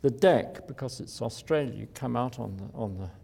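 In a lecture hall with noticeable reverb, an older male architect gives an informal talk, wandering off on wry tangents and laughing at his own jokes. His mid-range voice moves at a normal speed and sounds creaky, mellow and slightly rough.

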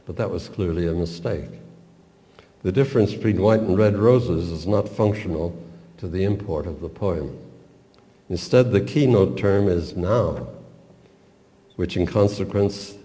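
A man lecturing on expressive poetry reading, with measured, deliberate and precise academic diction. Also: deep voice, long reverb tail.

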